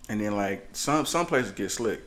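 Animated, rambling male podcast comic. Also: on the low side, normal speed. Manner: animated, rambling, laughs often. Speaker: podcast co-host. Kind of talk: comedic podcast storytelling.

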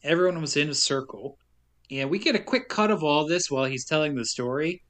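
A man's voice: on the high side, a little fast, a bit bright. Wry, chuckling man recapping a movie. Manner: wry, laughing while telling the plot. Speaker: podcast co-host recapping a movie. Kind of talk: casual chat, recapping the plot.

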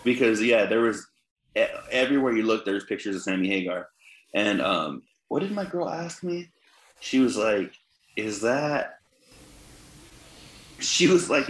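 A man with a lowish, fairly bright voice co-hosts a podcast at a moderate pace. His casual chat is rambling and profane, full of fillers and restarts, recorded with a roomy echo and faint noise.

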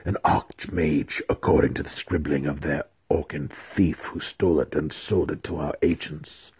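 A man voicing a bitter, obsessive male dark elf wizard who speaks in a tense, growling manner. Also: sits low, animated, slow pace, creaky, husky, dry recording, studio quality, heavily acted.

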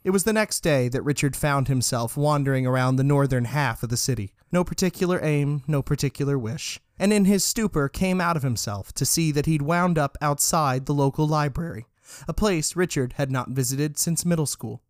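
A man's voice: a little high, normal speed, dry recording. Man narrating a story, dry sound.

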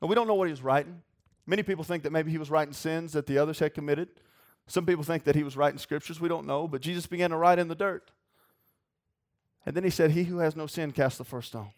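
A man's voice: on the high side, fairly even intonation, quick pace. Earnest man preaching. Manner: folksy, earnest preaching with bits of singing. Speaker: pastor. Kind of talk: sermon.

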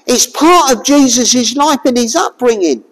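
Lady preacher, slow and deliberate, long echo like a church hall. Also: a little high. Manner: expressive, rhetorical questions to the congregation. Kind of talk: sermon.

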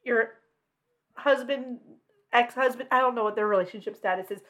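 A woman's voice: on the high side, moderate pace, fairly bright tone. A woman co-hosting a podcast, adding dry, wry comments to a casual recap. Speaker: podcast co-host.

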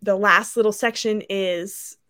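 A woman co-hosting a book podcast, retelling the plot in casual chat and acting out the characters in quick, animated voices. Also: medium pitch.

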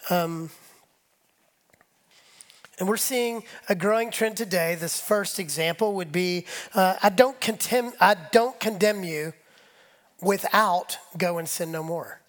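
A man's voice: high voice, slow pace, fairly bright tone. A man preaching a conversational sermon, leading the congregation and acting out imagined voices as his intensity rises. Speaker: pastor.

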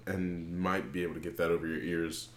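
A man in casual conversation, easygoing and agreeable, chiming in with quick asides. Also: low voice, level tone, reverberant. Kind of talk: casual chat.

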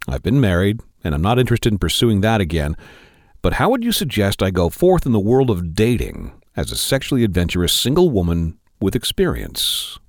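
A man voicing a letter in a deep, sultry, put-on voice. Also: wildly swooping pitch, fairly quick, dry recording, clean studio sound.

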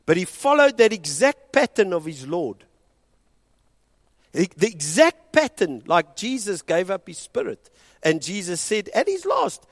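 A South African man preaching a sermon as pastor, impassioned and moving between hushed and loud delivery, switching between English and Afrikaans. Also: high-pitched, sing-song, a little slow, long pauses, no room sound.

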